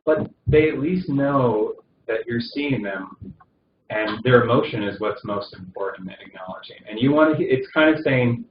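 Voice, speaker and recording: A man's voice: mid-range voice, moderate pace. A man teaching a recorded session on palliative care, talking conversationally with many fillers and restarts. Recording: dull roomy recording with faint noise.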